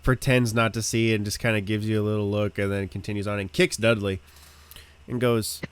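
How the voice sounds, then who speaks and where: A man's voice: fairly low pitch, little pitch movement, fairly quick, smooth. A man running a tabletop role-playing game as game master, narrating with many hesitations and fillers.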